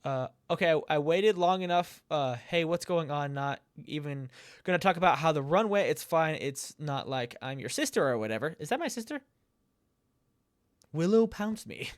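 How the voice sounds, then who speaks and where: A man talking through a game he is playing, reading the chat messages aloud in a casual, conversational way. His voice sits a little high for a man and sounds close and dry, with no room echo. He reacts out loud as he goes, laughing and now and then swearing. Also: normal speed, clear, resonant tone. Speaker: let's play gamer.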